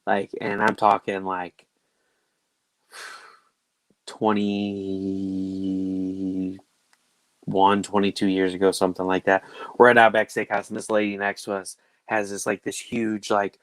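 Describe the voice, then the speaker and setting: A man's voice: sits low, slow, pauses often, no echo, low-quality recording. A man in his thirties, a podcast host, telling family stories in casual chat and acting out his kids' voices. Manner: animated, acts out family members in quoted voices.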